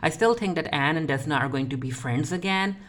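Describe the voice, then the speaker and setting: A TV episode reviewer in a casual recap, who retells scenes with quick paraphrased quotes and talks in a chatty way, with frequent fillers and restarts. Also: mid-range voice, a bit bright.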